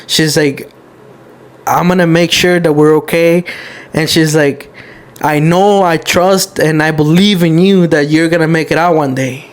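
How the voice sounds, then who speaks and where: A young man hosting a casual podcast, his voice sitting a little higher than most men's. He tells personal stories openly and with feeling, dropping curse words freely as he goes. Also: steady tone, unhurried. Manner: candid, emotional storytelling, heavy swearing. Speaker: podcast host.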